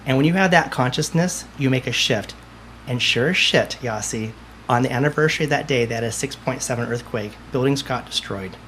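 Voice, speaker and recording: A confident man, a medium speaking as a podcast guest, who tells stories with emphasis and circles back over his own phrases. His voice sits at an ordinary middle pitch, and a faint hiss runs under it. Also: brisk, fairly bright tone. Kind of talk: conversational interview answers.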